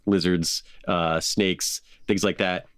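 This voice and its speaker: A man hosting a podcast, telling a story in casual chat, animated with frequent laughs and fillers. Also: low voice, slow, smooth, no echo, studio quality. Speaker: podcast host.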